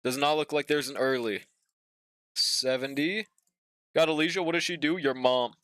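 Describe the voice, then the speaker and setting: A relaxed man hosting a game stream, chatting with his audience in easy slang and dropping the occasional swear. His voice sits a little high and comes through smooth and clean. The recording is dry and close. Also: moderate pace, no room sound. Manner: laid-back, slangy, swears, hums and scats while waiting. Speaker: streamer reading chat. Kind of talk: casual live-stream chat while playing.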